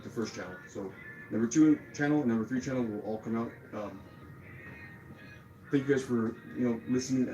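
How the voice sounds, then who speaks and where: Flustered man apologizing in a roomy echo. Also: mid-range voice. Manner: flustered, apologetic, repeats himself. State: frustrated. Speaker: livestreamer. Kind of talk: rambling livestream talk.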